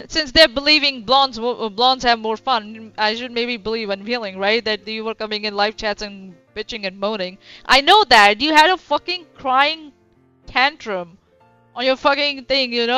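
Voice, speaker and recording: A woman's voice: on the high side, expressive, unhurried, sharp tone, smooth, no echo. A woman streaming casual reaction commentary, blunt and sarcastic, swearing freely. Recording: dull lo-fi stream audio with faint music.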